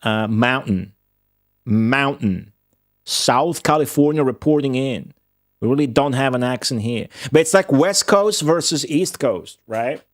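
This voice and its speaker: A man's voice: medium pitch, normal speed, no room sound, clean studio sound. A man with an Italian accent, a streamer rambling and swearing in casual chat with his viewers while playing a game. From Italy. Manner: rambling, profane, chatty with chat readers.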